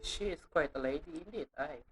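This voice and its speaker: A woman's voice: sits low, animated, fairly quick, over music. Chatty woman streaming a game. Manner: chatty, playful, jokey asides. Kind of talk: casual live-stream commentary.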